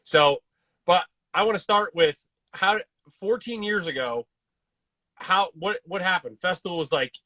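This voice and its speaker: A man from Kansas hosting a casual podcast, talking eagerly and quickly with casual slang. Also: high voice, pushed and bright, dry recording. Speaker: podcast host.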